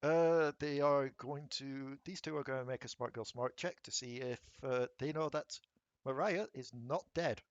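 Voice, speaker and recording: Heard through a dry, muffled recording, this game master has a medium-pitched male voice. He narrates a tabletop session and rolls dice, chatting and laughing a lot while firing off quick bits of rules explanation.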